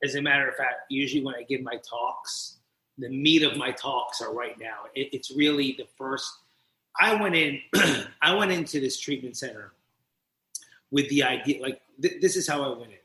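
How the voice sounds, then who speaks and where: A man's voice: medium pitch, reverberant, low-quality recording. A man from New Jersey, a podcast guest and coach, telling his story candidly and acting out scenes as he goes. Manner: animated, quick, acts out scenes as he tells them.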